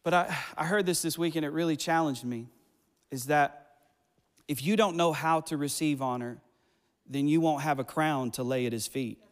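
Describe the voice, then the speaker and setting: A man's voice: on the high side, normal speed, big-room sound. A man preaching as pastor, passionate, with rising emphasis and repeated phrases, speaking in a church sanctuary. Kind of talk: sermon.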